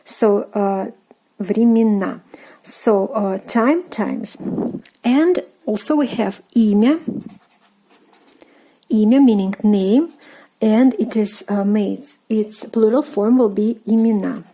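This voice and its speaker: A woman with a Russian accent teaching an online language lesson, explaining casually with fillers and repeating words slowly for practice. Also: medium pitch, warm tone.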